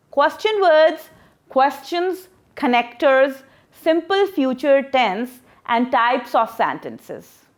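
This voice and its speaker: A woman teacher gives a recorded textbook lesson for children. Her voice sits high and moves widely up and down as she explains each point. She is patient and stops often to put questions to the class.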